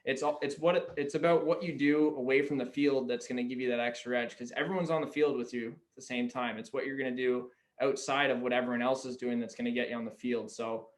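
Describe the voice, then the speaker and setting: Flat-voiced young man telling stories. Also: medium pitch, quick pace, few pauses. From Canada. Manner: candid storyteller, peppered with "like". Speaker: guest, pro lacrosse player. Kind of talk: casual podcast chat.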